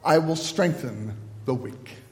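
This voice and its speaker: A man, a pastor, leading a church liturgy, first with halting announcements, then in a measured liturgical cadence. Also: on the high side, lively intonation, darkish tone. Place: church sanctuary. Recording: long reverb of a large church.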